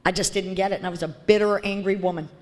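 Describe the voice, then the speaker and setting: A woman's voice: mid-range voice, fairly even intonation, quick pace, a little mellow. Woman, frank recovery-meeting testimony, blunt, lots of ums and restarts, mid-range voice. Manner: candid and blunt, with many fillers and restarts. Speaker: speaker sharing her recovery story. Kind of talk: personal testimony talk.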